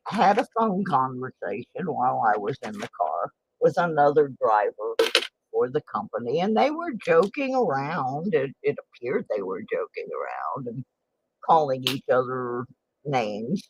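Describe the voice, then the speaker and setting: A woman's voice: a bass voice, husky. A woman in her late sixties chatting on a casual livestream, telling a story in an indignant, exclaiming way. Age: 60s. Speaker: livestream host. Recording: dull lo-fi stream audio.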